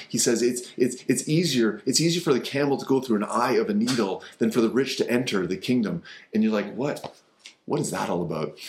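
A male pastor preaching a sermon in an earnest way, often repeating words as he builds a point. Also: on the low side. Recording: roomy echo.

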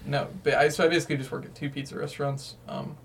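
Young male co-host, mid pitch, low-key mumbly delivery, a little distant from the mic, light hiss. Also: level tone, fast talker, gravelly. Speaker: podcast co-host. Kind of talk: casual chat.

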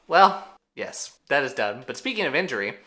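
A man co-hosting a podcast, recapping an episode in casual chat with animated storytelling. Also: mid-range voice. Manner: animated storytelling with quick asides. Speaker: podcast co-host.

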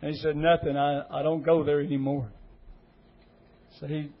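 A man's voice: a little high, flat delivery, moderate pace, dull audio. A middle-aged man, an associate pastor giving an earnest, emotional testimony sermon. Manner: emotional, earnest, repetitive pleading.

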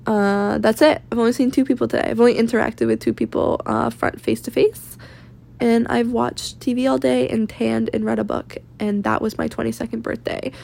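A woman's voice: on the high side, brisk, vocal fry, darkish tone. Twenties woman from Maine, confessional vlogger, fried voice, blunt and rambling. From Maine, USA. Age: 20s. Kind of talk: candid personal vlog rant. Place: rented room at home.

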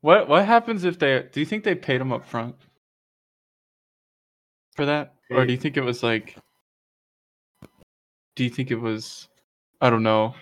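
A man's voice: medium pitch, unhurried, long pauses. A man chatting casually on a podcast, asking questions and laughing easily. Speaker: podcast co-host. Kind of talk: casual chat.

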